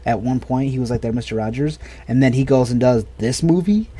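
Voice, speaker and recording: A man's voice: mid-range voice, brisk, warm tone, slightly rough. An American man in his thirties, co-hosting a podcast in a rambling, enthusiastic casual chat full of restarts. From United States. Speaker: podcast co-host.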